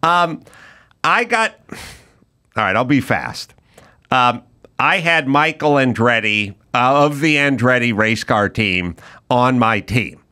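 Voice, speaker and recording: A middle-aged man hosting a podcast, telling a story in casual chat and acting out the people in it. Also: mid-range voice. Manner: animated storyteller, acts out quoted people. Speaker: podcast host.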